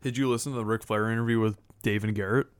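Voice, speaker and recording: A man co-hosting a podcast in casual chat, swearing freely and mimicking other people in high mocking voices as he tells stories. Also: fairly even intonation, fast, clean tone. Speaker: podcast co-host.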